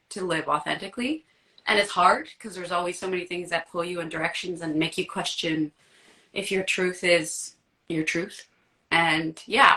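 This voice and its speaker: A giggly woman guest talks candidly in a casual live-stream chat, with a bright, forward tone. She laughs easily at herself, speaking over a phone or computer mic. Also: lowish voice, poor audio. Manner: giggly, candid and self-deprecating. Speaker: guest artist.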